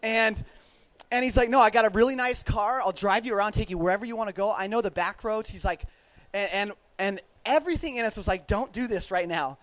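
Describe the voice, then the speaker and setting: A young man with a high voice tells a travel story to a live audience. He talks casually, stumbles through restarts and "like"s, and stays animated throughout. The sound is close and dry, with no room echo. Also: fast. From United States. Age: young adult.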